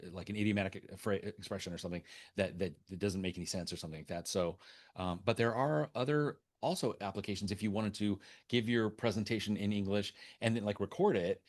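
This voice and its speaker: A man's voice: on the low side, fast. A man answering questions as a webinar guest speaker, talking off the cuff with many restarts and fillers.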